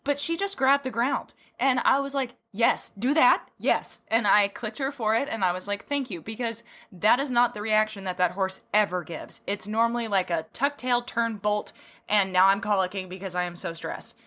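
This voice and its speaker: A woman podcast host with a bright, forceful tone at a middle pitch. She chats in a giggly way and acts out her own reactions while telling a story. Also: moderate pace. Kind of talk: casual podcast conversation.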